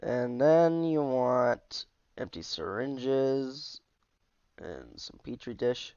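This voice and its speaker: A tired man rambles cheerfully through a game mod walkthrough with plenty of asides. His voice is smooth and clear at a middling pitch. The sound is dry and close, a little dull on top. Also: drawn-out words, darkish tone, no room sound. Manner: chatty, easygoing, with asides and trailing off. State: tired, yawning. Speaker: mod reviewer. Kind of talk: casual gameplay commentary.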